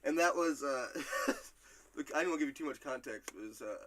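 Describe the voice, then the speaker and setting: A man's voice: medium pitch, fairly quick, background noise. A man hosting a casual podcast quiz, reading quotes aloud and laughing often. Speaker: quiz host.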